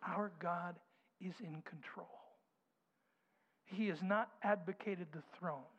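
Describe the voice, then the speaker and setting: A man preaching a sermon, dropping to soft whispers and rising to loud, slow declarations. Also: high voice, breathy edge. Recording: dull sound with long hall reverb.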